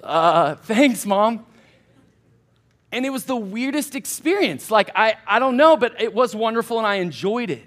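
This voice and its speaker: A man preaching to college students in a church, his voice sitting high for a man. He tells stories in a loose, chatty way and speaks right to the listeners. It sounds like a relaxed sermon. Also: brisk, few pauses. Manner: chatty, animated anecdotes addressing the crowd directly. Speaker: college pastor. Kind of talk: casual storytelling sermon.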